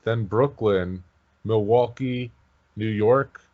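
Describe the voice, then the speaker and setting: A young man co-hosting a sports podcast, opinionated and quick to chime in. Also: on the low side, narrow, tinny audio. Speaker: podcast co-host. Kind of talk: casual sports chat.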